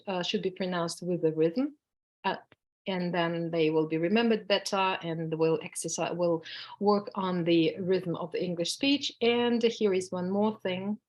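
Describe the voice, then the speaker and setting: A woman with a Russian accent, a native Russian speaker, teaching a workshop on public speaking, speaking hesitantly with frequent fillers and restarts. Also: medium pitch. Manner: demonstrates tongue twisters with exaggerated falling tones. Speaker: workshop instructor. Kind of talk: lecture to a workshop audience.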